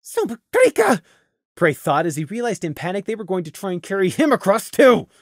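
Lively male audiobook narrator. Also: high-pitched, quick pace, no echo, studio quality. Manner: expressive, dramatic reading. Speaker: voice actor narrator. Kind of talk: audiobook reading of a fantasy story.

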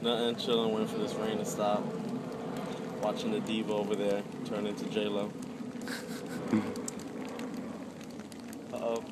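A man's voice: fairly low pitch, completely flat delivery, unhurried, pauses often, heavy background noise. A man waiting out the rain outdoors, making laid-back wisecracks. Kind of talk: casual banter.

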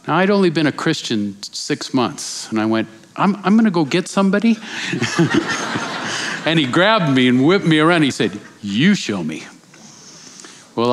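A man preaching as a guest speaker, telling a personal story with lively acted-out voices before moving into exhortation. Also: medium pitch. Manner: animated storyteller, acts out quoted voices.

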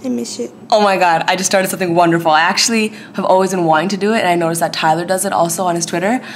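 A woman's voice: lowish voice, racing, a little hiss or hum. A young woman in her twenties talking to camera at home in a chatty, slangy daily vlog. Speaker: vlogger. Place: at home, indoors.

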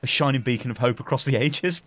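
A man bantering over a video game, boastful, sweary and quick to laugh. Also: medium pitch, fairly bright tone. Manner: boisterous, sweary, giggly mock-pompous bragging. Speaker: gamer playing with a friend. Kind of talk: casual gaming banter.

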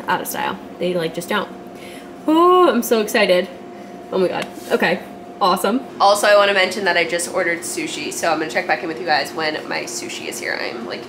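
A young woman vlogging casually from home, gushing and excitable, peppering her talk with "like". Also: on the low side, a little hiss or hum. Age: young adult. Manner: gushing, excitable, heavy use of "like". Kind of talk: casual vlog chat. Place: her apartment at night.

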